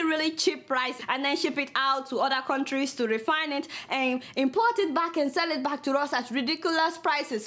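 A Nigerian woman hosting a satirical news show, delivering commentary with exclamatory, dramatic mock outrage. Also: sits high.

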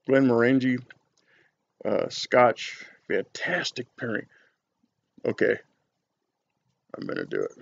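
A man's voice: medium pitch, vocal fry, no echo, dull audio. A man reviewing cigars on his vlog, chatting casually and telling rambling, folksy stories full of fillers.

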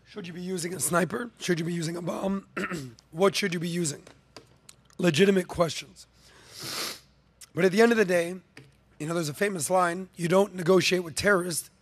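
Emphatic podcast host. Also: male voice, high-pitched, normal speed, pauses often, breathy edge. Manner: emphatic, rhetorical questions, frequent ums. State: coughing, slightly choked up. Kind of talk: opinion monologue on a podcast.

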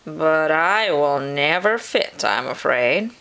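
A woman voicing a kind, worried father possum who speaks gently and reassuringly in a children's storybook reading. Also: low-pitched, animated, takes it slowly, creaky, smooth, full character voice. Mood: glum.

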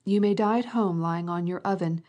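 A woman reading aloud, voicing a stout, stern elderly lady who scolds in a loud, commanding way in an audiobook. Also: fairly low pitch, fairly quick, muffled recording, close to an everyday voice. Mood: scolding.

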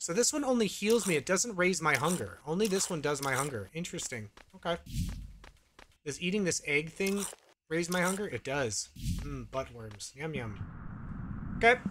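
Over slight background noise, a man with a fairly high, fairly bright voice and lively intonation narrates his video game at a moderate pace. As a gaming channel host doing let's play commentary, he mutters a casual play-by-play into a desk mic with an occasional swear.

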